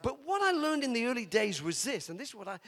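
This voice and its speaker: A man's voice: extremely high pitch, sing-song, fast talker, a bit bright. An older man from England, preaching a chatty sermon full of stories, laughing often and teasing his listeners.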